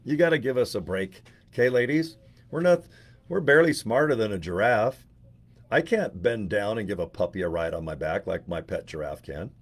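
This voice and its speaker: A man's voice: fairly low pitch, animated, moderate pace. A man in his forties talking in a casual, rambling vlog monologue. He jokes, swears and mocks himself, with many asides and restarts. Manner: joking, profane, self-mocking. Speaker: network marketing affiliate.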